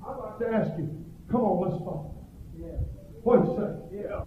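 A middle-aged man preaching a fervent revival sermon that swells into shouted cries. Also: high voice, moderate pace, slight background noise. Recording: dull lo-fi recording.

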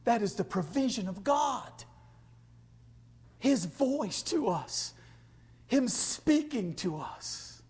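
Male preacher, high-pitched, unhurried delivery, whispers and shouts through scripture. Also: sing-song, slightly rough. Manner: swings from hushed whispers to shouted praise; reads scripture in King James style. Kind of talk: sermon.

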